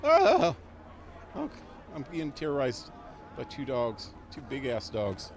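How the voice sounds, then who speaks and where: A man's voice: mid-range voice, a little slow, vocal fry, crowd noise, background noise. A man livestreaming a video game, commenting casually, laughing often and swearing in passing. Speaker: gaming livestreamer. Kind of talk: live gameplay commentary. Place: small home.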